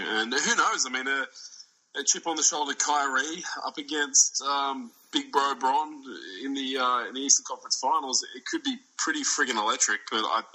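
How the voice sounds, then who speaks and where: A man's voice: medium pitch, sharp tone, rough recording. A man co-hosting a podcast, wry and rambling in casual chat. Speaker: podcast co-host.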